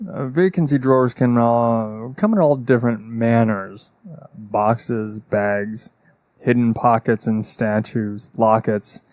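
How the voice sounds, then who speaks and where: A man's voice: mid-range voice, slow pace, darkish tone, no echo. A man running a tabletop game as game master, explaining rules with fillers like "uh".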